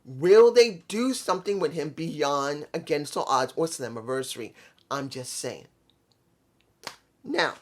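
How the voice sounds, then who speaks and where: Wrestling reviewer, casual rant, frustrated, rambling, keeps asking why, swears, mid-pitched voice. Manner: frustrated, repeats rhetorical questions, swears; rambling, corrects own slips.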